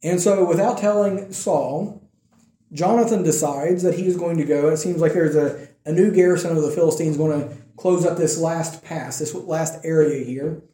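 A man giving a conversational sermon, telling a Bible story with animated delivery and acting out the quotes. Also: on the high side, moderate pace, roomy sound. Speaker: preacher.

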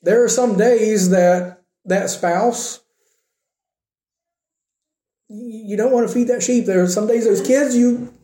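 A man preaches to his congregation, earnest and conversational, pressing his points with rising emphasis. His voice sits a little high yet sounds very dark and mellow. The sound carries the echo of a church room. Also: unhurried. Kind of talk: sermon.

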